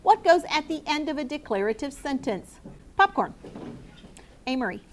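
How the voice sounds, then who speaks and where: High-pitched woman, classroom teacher, patient questioning, faint background hiss. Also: expressive, a little fast. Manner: clear, patient questioning, calls on students by name. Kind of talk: classroom lesson to students and viewers. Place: classroom with students.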